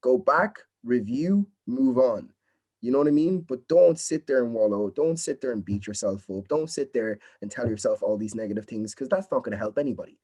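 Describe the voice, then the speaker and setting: A young adult man from Nigeria who studies drama gives a casual, earnest video-call interview, encouraging and often adding "you know what I mean". He talks a little fast in a husky, darkish, mid-range voice.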